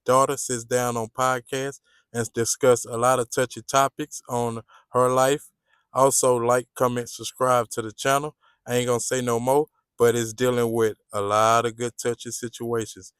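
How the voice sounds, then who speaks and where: A man's voice: medium pitch, little pitch movement, normal speed, fairly bright tone, clean tone, no echo, studio quality. A man hosting a reaction channel, giving a casual, slangy intro. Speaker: channel host.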